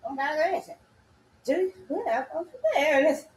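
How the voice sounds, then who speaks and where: A woman talking in a rambling solo monologue, breaking into sing-song chants and sudden loud cursing outbursts. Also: high-pitched, expressive, moderate pace, roomy sound.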